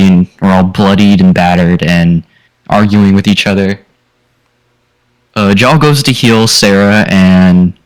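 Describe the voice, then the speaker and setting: A man's voice: lowish voice, clear, resonant tone, rough recording. A man recapping the last session of a tabletop game as a player, speaking casually with fillers.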